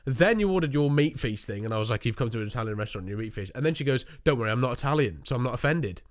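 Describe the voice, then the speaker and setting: A man's voice: medium pitch, expressive, racing. Young man telling stories. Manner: rambling storyteller, swears, mimics people. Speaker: podcast co-host. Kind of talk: casual chat.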